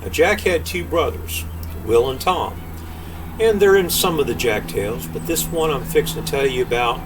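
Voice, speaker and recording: Older storyteller, folksy and unhurried, animated delivery. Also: male voice, medium pitch. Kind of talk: folk tale reading. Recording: distant mic, faint air-conditioner hum.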